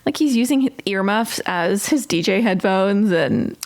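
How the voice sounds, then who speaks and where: A woman's voice: medium pitch, animated, moderate pace, a little mellow. A woman co-hosting a podcast, chatting casually and in an exasperated way, with lots of "like". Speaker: podcast co-host. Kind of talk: casual chat recapping a reality show.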